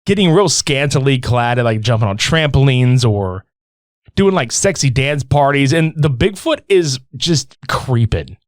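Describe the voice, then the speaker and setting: A man's voice: mid-range voice, expressive, measured pace, no room sound, studio quality. A man co-hosting a podcast in loose, profane casual chat, laughing often. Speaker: podcast co-host.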